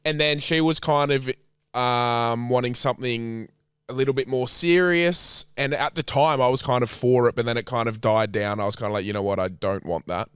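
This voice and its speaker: A man's voice: medium pitch, normal speed, fairly bright tone, smooth, dry recording, studio quality. Sweary laid-back Australian guy. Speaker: podcast co-host. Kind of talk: casual chat.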